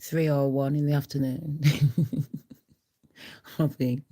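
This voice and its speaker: A woman's voice: low-pitched, flat delivery, normal speed, warm tone, low-quality recording. A middle-aged woman hosting a casual livestream, chatty and blunt, laughing often. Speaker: livestream host.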